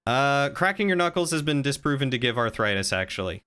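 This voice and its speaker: A man's voice: medium pitch, sing-song, fairly quick, bright, forceful tone, smooth. A man chatting casually on a live stream, reading chat and teasing viewers in a playful, rambling way.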